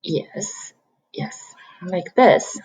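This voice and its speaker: A woman's voice: darkish tone, poor audio. A woman from China, a native Chinese speaker, teaching an online Chinese lesson and patiently repeating each sound for learners. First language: Mandarin Chinese. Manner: slow, patient, demonstrates sounds by repeating them.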